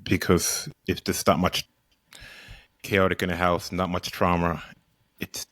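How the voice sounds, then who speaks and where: A man hosting an interview, calm, asking gentle questions and humming along as he listens. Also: low-pitched, moderate pace, dry recording. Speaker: host. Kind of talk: interview conversation.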